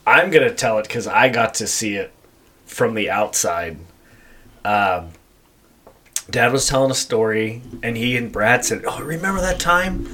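A man's voice: fairly low pitch, measured pace, pauses often, sharp tone, slight background noise. A man hosting a podcast, casually retelling a family story with laughter and acted-out quotes. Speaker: podcast host. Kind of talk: casual chat.

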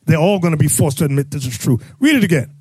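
A man preaching and teaching scripture to a crowd, loud and emphatic, calling out his listeners. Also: a little high, animated, fast, husky, no echo. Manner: loud, emphatic, calls out the audience. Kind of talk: street-style scripture teaching.

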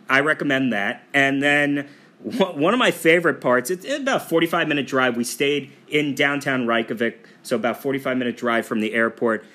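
A man co-hosting a casual travel podcast, telling the story in a relaxed, chatty way with frequent fillers. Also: mid-range voice. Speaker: podcast co-host.

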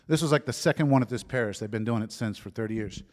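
A man in his fifties telling his conversion story as a sermon testimony, shifting from lively storytelling to soft, hushed moments. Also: medium pitch, quick pace. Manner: storytelling, drops to soft whispers at emotional moments. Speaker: preacher giving a testimony. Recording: long hall reverb.

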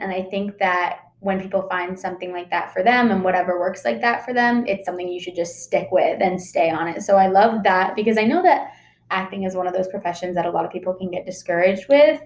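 A woman's voice: lowish voice, darkish tone. A woman interviewing a guest in casual chat, encouraging her with short affirmations. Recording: roomy echo.

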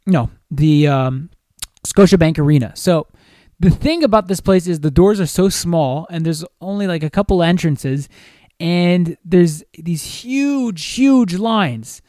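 A young man on a podcast telling a long, animated story in casual chat, swearing freely and restarting his sentences often. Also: fairly high pitch, dry recording, clean studio sound. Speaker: podcast co-host.

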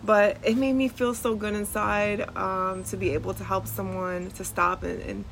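A woman's voice: medium pitch, fairly even intonation, normal speed, a bit bright, faint music behind, rough recording. A woman podcast host and nurse telling a story in a casual, chatty way, full of "like" and "um," recorded outdoors on a front porch. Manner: chatty, with frequent "like" and "um" and laughter.

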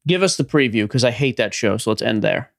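Fast, lively teasing male co-host. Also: medium pitch, creaky. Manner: teasing, wisecracking. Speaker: podcast co-host. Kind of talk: casual chat.

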